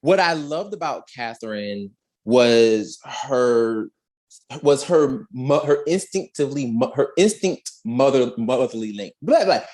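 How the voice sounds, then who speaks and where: A man co-hosting a casual fan discussion podcast, talking in an animated, emphatic way and often repeating words. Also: medium pitch. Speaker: podcast co-host.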